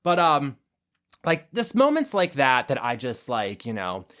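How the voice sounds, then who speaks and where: A man's voice: mid-range voice, measured pace. A man hosting a podcast, gushing in a casual, profane monologue about his favourite reality stars. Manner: animated, profane, gushing fan talk. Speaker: podcast host.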